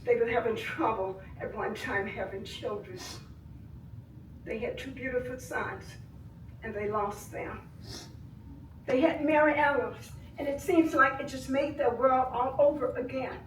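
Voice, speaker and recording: An older woman giving impassioned public comment at a board meeting, swinging between soft grief and loud anger. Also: on the high side, a little slow, a little hiss or hum. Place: village board meeting room. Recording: echoey room, voice from far off.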